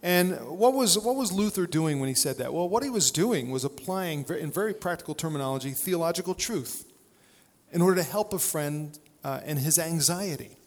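A man's voice: fairly high pitch, expressive, normal speed, long reverb tail. A male pastor preaching a sermon in a conversational, storytelling way, with plenty of fillers and restarts.

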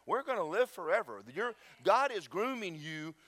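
Animated man preaching a sermon. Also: high voice, normal speed, no room sound. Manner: animated, joking storyteller addressing the congregation. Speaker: pastor. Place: church.

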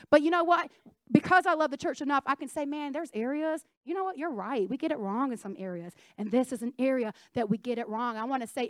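A woman's voice: high-pitched, dry recording, studio quality. A young adult woman preaching a sermon, emphatic, asking her congregation questions and having them answer back.

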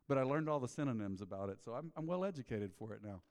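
A man's voice: fairly high pitch, big pitch swings, quick pace, hardly any pauses. A middle-aged man preaching a sermon, telling folksy stories and peppering his talk with "man". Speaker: pastor. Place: church sanctuary. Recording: long reverb of a church hall.

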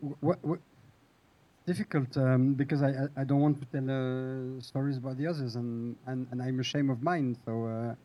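A man who writes for TV, speaking on a panel in a halting, hesitant way with many restarts. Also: mid-range voice, steady tone, muffled recording. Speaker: TV screenwriter on a panel.

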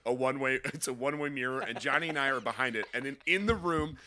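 A man's voice: medium pitch, fast, crowd noise. A man co-hosting a casual chat, teasing his friend in disbelief and spinning jokey scenarios. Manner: teasing, incredulous, animated storytelling. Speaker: podcast co-host.

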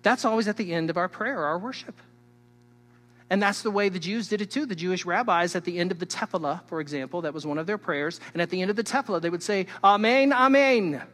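Man, pastor, sermon, emphatic, teacherly, high-pitched, long hall reverb. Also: fast. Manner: emphatic, swings between loud and hushed; teacherly, addresses the listeners directly.

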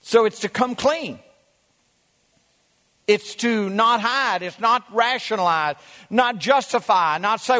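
A man preaching a sermon as pastor, emphatic, with dramatic pauses and drawn-out words. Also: sits high, sharp tone, long reverb tail.

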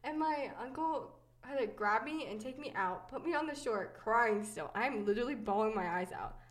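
A woman's voice: a little high, lively intonation, moderate pace. A young woman hosting a podcast, telling personal stories in casual chat, chatty and giggly with many fillers. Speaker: podcast host.

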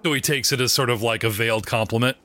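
A man narrating a tabletop game as game master, animated and joking, often breaking into laughs. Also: mid-range voice, fast talker, a little hiss or hum.

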